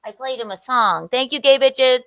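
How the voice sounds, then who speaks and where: A woman's voice: high voice, normal speed, fairly bright tone, clear, resonant tone, dry recording, soft background music. A woman co-hosting a casual livestream chat, playful and teasing as she reads out the chat's donations. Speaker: co-host reading chat donations.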